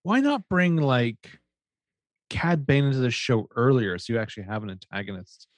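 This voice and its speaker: A man co-hosting a podcast, casually reviewing a TV show, swearing often and joking in an animated way. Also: medium pitch, normal speed, dry recording. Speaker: podcast co-host.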